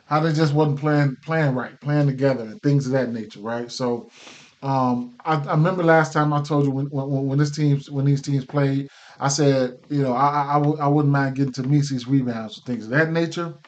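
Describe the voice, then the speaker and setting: A man's voice: medium pitch, steady tone, normal speed, dull audio. A man hosting a casual sports betting picks show, talking loosely with many fillers and restarts, and he has the hiccups. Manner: loose, filler-heavy, repeats himself.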